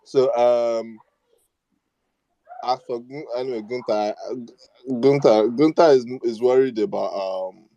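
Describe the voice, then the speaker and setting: A man giving firm opinions in a casual chat, pausing often with ums. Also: medium pitch, mellow, no room sound, muffled recording. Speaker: panelist.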